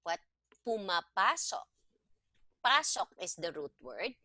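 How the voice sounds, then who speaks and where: A woman's voice: medium pitch, very animated, slow pace, pushed and bright, no room sound. A woman teaching a Tagalog lesson one-on-one, explaining patiently and step by step. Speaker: Tagalog tutor.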